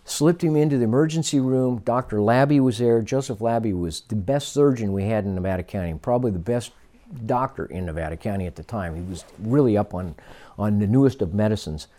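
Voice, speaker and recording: Here a man in his sixties, a retired Northern California fire captain, tells stories during an oral history interview and voices the people he quotes. His pitch is fairly low, his tone mellow, and he talks a little fast.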